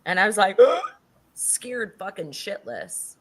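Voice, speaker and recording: A woman's voice: medium pitch, big pitch swings, slow pace, fairly bright tone. A middle-aged woman speaking as an interview guest, telling a personal story with casual swearing and acted-out quotes.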